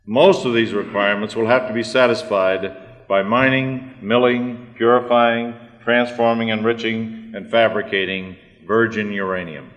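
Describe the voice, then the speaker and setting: A man with a somewhat low voice gives a measured conference talk, pausing on fillers and clearing his throat. The sound comes from an old archive recording in a large hall with a long reverb. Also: fairly even intonation, a bit bright. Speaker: conference speaker. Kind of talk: prepared conference talk with a joke.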